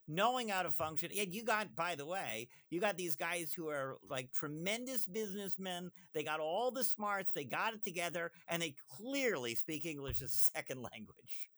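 Guest, male, high bright voice, animated and digressive, talks in quick bursts. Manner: animated, fast asides and self-interruptions. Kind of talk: conversational discussion.

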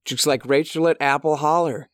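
A man co-hosting a casual comedy podcast, laughing often and tossing in quick jokes. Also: a little high, fairly even intonation, no room sound, studio quality. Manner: laughs often, quick jokey asides and silly quoted voices. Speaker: podcast co-host.

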